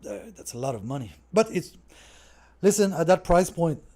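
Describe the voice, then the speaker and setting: A man's voice: on the high side, moderate pace. A middle-aged French Canadian man from Montreal, talking casually and rambling a little as he answers viewer questions on his podcast. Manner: relaxed, rambling, talks straight to viewers. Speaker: restaurant owner hosting a Q&A.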